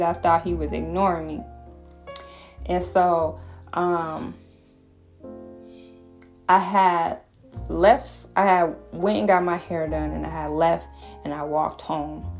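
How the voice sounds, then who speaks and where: A woman's voice: lowish voice, a little mellow. A woman giving a casual devotional talk, earnest and rambling, restarting her sentences as she shares a personal testimony. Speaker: faith vlogger sharing a personal testimony.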